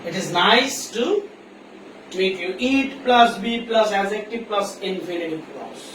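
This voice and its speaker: Bangladeshi male English teacher, high-pitched, distant mic with faint background hum. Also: animated, fairly bright tone. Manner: explains slowly, repeats examples, switches into Bengali. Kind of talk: classroom grammar lesson. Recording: echoey room from far off, faint noise.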